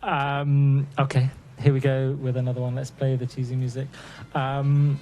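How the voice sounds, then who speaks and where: A man hosting a casual live online chat show, unhurried with frequent pauses. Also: medium pitch, monotone, warm tone, soft background music. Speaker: show host.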